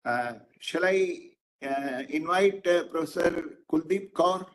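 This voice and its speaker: A man's voice: on the high side, slow pace, slight background noise. A man with an Indian English accent chairing a webinar over a video call, speaking hesitantly with many fillers. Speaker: session chair.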